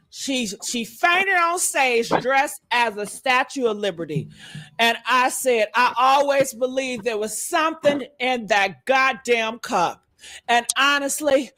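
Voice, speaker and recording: A woman doing livestream commentary in a high, bright voice. She talks slowly and deliberately, breaking into loud whoops and shouted exclamations. She keeps calling her audience honey and baby. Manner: calls listeners honey and baby. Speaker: streamer and commentator.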